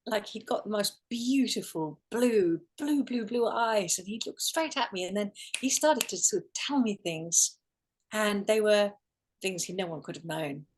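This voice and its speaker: Speaking as a guest in an interview, a woman shares a heartfelt personal story, often restarting and using fillers. She has a medium-pitched, slightly rough voice and keeps a measured pace.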